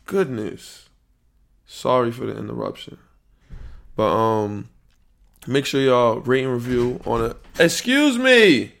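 A man hosts his own podcast in a loose, slangy monologue, swearing and getting worked up as he goes. His voice sits in a middle pitch with a lot of gravelly fry at the ends of his phrases. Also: unhurried, pauses often. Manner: slangy, swearing, animated rants. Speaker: podcast host.

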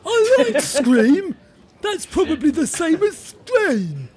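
A man putting on a stupid voice for a dim-witted moviegoer, slow and goofy. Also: wildly swooping pitch, darkish tone, heavily acted. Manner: slow, goofy, high-pitched put-on voice.

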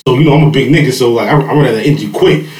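Laughing all the way through, a podcast panelist who is a father races through a long, rambling story from his childhood, filled with fillers. His medium-pitched voice has a darkish tone, caught in an echoey room on a low-quality recording.

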